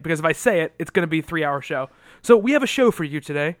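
A man's voice: fairly high pitch, brisk, dry recording, studio quality. A man hosting a comics podcast in casual chat, upbeat and rambling, laughing often. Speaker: podcast host.

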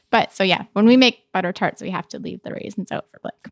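A woman's voice: mid-range voice, fairly quick, gravelly, a crowd in the background. A woman in her thirties from Canada, telling stories in casual chat and laughing often. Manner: laughs often, chatty storytelling.

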